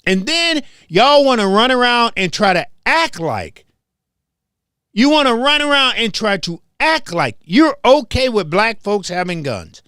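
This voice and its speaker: High, animated man ranting emphatically. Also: measured pace, clear, resonant tone, no room sound, studio quality. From Memphis, southern US. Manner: emphatic, confrontational, repeats points for emphasis. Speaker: host. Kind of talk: heated commentary monologue.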